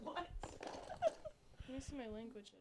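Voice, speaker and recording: A woman playing a tabletop game, throwing out quick, playful quips. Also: fairly high pitch. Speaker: player. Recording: loud background noise.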